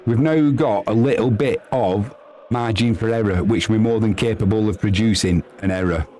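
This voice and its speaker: A man doing chatty live football commentary, reading out viewer messages and yelping with excitement at goals. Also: normal speed, a little hiss or hum. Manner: chatty and excitable, bursting into high yelps at goals.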